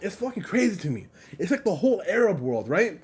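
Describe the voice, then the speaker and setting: A man's voice: sits high, sing-song, a little fast, breathy edge. A young man in a blunt, heated motivational rant on his vlog, swearing constantly and repeating himself for emphasis. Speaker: vlogger.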